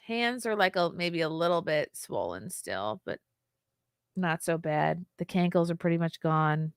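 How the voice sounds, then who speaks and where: A woman's voice: fairly low pitch, expressive, measured pace, clear, resonant tone, no echo, clean studio sound. A woman hosting a casual livestream, candid and chatty, often laughing and reading viewer comments aloud. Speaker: livestream host.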